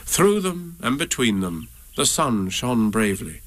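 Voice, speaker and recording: A man reading a children's story aloud in a gentle, measured storytelling manner. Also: medium pitch, sing-song. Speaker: narrator.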